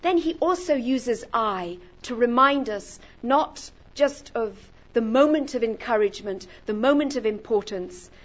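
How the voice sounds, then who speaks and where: A woman's voice: fairly high pitch, animated, measured pace, hardly any pauses, lo-fi sound. A woman giving an emphatic lecture on a written text, building intensity as she works through lists of words.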